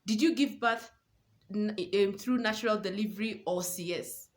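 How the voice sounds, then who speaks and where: A woman's voice: medium pitch, normal speed. A young woman, a new mother and parenting coach, giving earnest advice to camera and repeating words for stress. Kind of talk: casual advice talk to camera.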